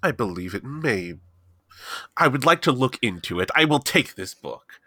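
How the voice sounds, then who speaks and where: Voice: medium pitch, very animated, normal speed, sharp tone. A man voicing a courteous, formal adventurer in a tabletop game. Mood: polite.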